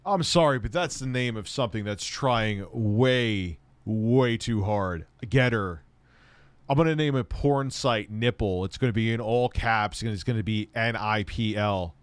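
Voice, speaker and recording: A man's voice: fairly low pitch, unhurried, clean tone, no echo. A young man chatting casually on a stream, joking, swearing and bantering with his pet bird. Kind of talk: casual livestream chat.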